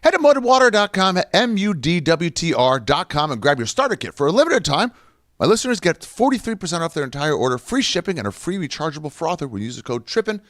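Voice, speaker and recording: A male podcast host reads an ad, throwing in profane jokes and silly asides. His voice sits fairly high and moves a lot in pitch. The sound is dry and close. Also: sing-song, fast, a bit bright, dry recording. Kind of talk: ad read.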